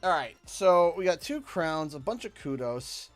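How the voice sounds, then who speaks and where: A man's voice: a little high, big pitch swings, measured pace, faint music behind. Rambling Canadian man streaming a game. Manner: rambling, talks to himself while clicking through menus. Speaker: gaming live streamer. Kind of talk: casual live-stream gaming commentary.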